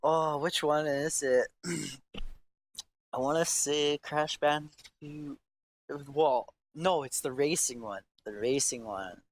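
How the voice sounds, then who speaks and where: A man hosting a podcast in rambling casual chat, halting and slangy, filling his talk with "like" and restarting his sentences. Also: fairly high pitch. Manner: halting, filler-heavy, slangy, restarts often. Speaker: podcast host.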